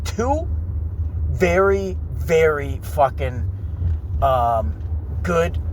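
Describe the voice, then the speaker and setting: Swearing young man ranting, light voice. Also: a little hiss or hum. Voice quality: light, not deep voice. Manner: rambling, swearing heavily, filler-laden. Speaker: vlogger. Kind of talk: profane ranting monologue.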